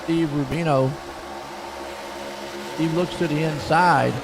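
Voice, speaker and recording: A man's voice: on the high side, steady tone, slow, background noise. A man doing laid-back play-by-play commentary for an online sim race, chatty and chuckling between calls.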